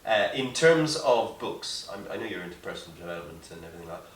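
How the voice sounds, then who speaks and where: A man hosting a podcast, asking questions in an encouraging way with quick interjections. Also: deep voice, animated. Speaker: podcast host. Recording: roomy distant mic with faint hiss.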